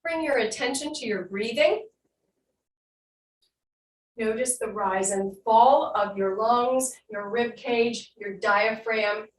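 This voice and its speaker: A woman instructor guiding an online fitness class with calm cues, then leading slow breath work and affirmations. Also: fairly high pitch, far from the mic. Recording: echoey room, voice from off-mic, faint hum.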